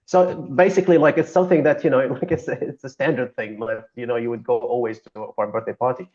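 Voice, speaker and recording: A man's voice: medium pitch, steady tone, quick pace, a little mellow. Laughing man with a dull recorded sound. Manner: laughs often while telling stories. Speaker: podcast co-host. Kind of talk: casual chat.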